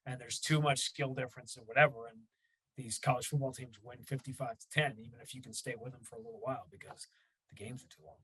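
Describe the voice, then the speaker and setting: A man's voice: medium pitch, fairly even intonation, quick pace, sharp tone, husky, poor audio. A middle-aged man, a radio play-by-play announcer, talking sports as a guest in an emphatic storytelling way. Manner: emphatic, storytelling, acts out quotes. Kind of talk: animated sports talk.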